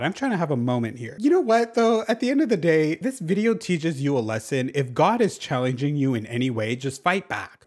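Animated, chatty young-sounding man. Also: on the high side. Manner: chatty, animated, full of "like" and swearing. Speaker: gaming YouTuber. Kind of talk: casual chat over gameplay.

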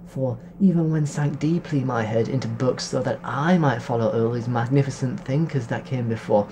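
A man's voice: medium pitch, moderate pace, dark tone, slight background noise, lightly acted. A man voicing a naive young woman in love. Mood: wondering. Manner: breathless, wondering questions. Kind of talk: storybook reading.

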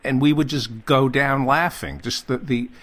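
A man's voice: mid-range voice, steady tone, moderate pace, fairly bright tone. A man, a comedian guest in a casual chat, asking eager questions and laughing easily.

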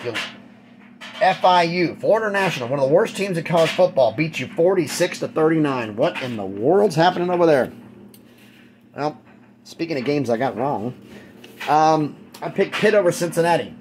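A man's voice: fairly high pitch, background noise. A man giving a casual, blunt college football recap, rattling off stats and opinions.

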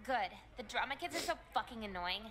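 Woman voicing a fast-talking snarky teen girl. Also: fairly high pitch, lively intonation, a bit bright, a little hiss or hum. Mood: gossipy. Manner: sarcastic, gossipy, crude. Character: snarky teenage girl, gossipy classmate. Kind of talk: voicing a game character aloud.

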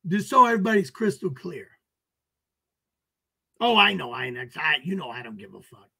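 A man's voice: on the high side, big pitch swings, moderate pace, gravelly, pushed and bright, breathy edge. A man hosting a livestream, ranting at chat in an aggressive, taunting, profane way and greeting viewers by name. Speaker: livestream host.

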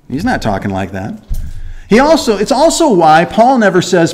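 This man's voice sits high and moves at a normal speed as he takes his church through the Bible verse by verse. Animated and conversational, he asks rhetorical questions and dramatizes short scenes for his listeners.

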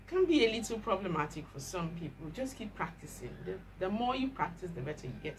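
A woman teaching pronunciation, spelling out words letter by letter and repeating them slowly with exaggerated care. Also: mid-range voice, big pitch swings, slight background noise, low-quality recording. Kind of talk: slow, drawn-out pronunciation lesson.

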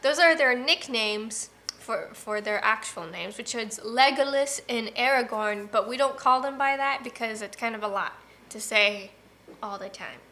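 A young woman co-hosts a livestream, her voice a little high, measured in pace, and pushed and bright. She chats casually, tells stories, and reads viewers' comments out loud.

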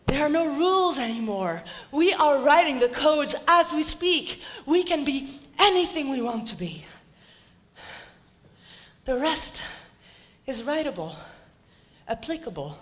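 A woman giving a dramatic, theatrical stage talk in a large auditorium, rousing the audience with rhetorical questions. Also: fairly high pitch. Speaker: speaker.

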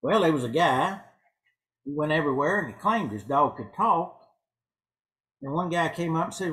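Man preaching with lively, swinging intonation. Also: a little high, brisk, poor audio. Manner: folksy joke-telling preacher. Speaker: pastor. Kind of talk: evening sermon. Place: church sanctuary.

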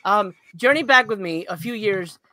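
A man co-hosting a podcast, telling a story in a casual chat, getting excited, laughing and swearing. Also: high-pitched, moderate pace, no room sound. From Los Angeles area. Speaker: podcast co-host.

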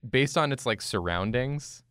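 A man's voice: medium pitch, lively intonation, unhurried, a bit bright, clean tone, dry recording, studio quality. A young man chatting casually while drawing, explaining ideas in a rambling way. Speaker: show artist.

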